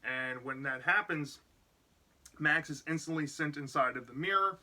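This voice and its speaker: A man with a strikingly bright, sharp-edged voice that sits a little high for a man. He runs through a plot recap in a loose, casual way, piling on "like" and "you know" as he goes. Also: moderate pace. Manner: rambling, full of "like" and "you know". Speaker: book reviewer.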